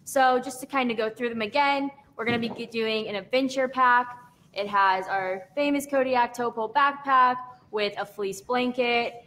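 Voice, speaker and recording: A young woman hosting a live stream, chatting warmly as she runs through prizes and picks winners. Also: fairly high pitch, normal speed. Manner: friendly, chatty, listing prizes. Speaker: brand event host.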